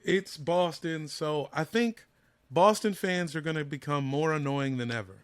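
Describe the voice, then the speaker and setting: A comedian guest on a sports podcast, riffing and joking in playful rants. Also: male voice, a little high, a little slow, dry recording. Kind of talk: casual sports podcast chat.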